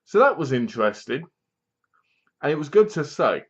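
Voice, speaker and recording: A man's voice: on the high side, very animated, moderate pace, a bit bright, husky, highs cut off. A man retelling a film's plot in a casual review vlog, rambling along with plenty of fillers. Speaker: film reviewer.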